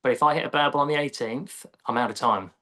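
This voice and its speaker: A man's voice: mid-range voice, quick pace. A man with an English accent, a golf coach explaining his approach in a casual interview. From England. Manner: relaxed, explanatory, conversational.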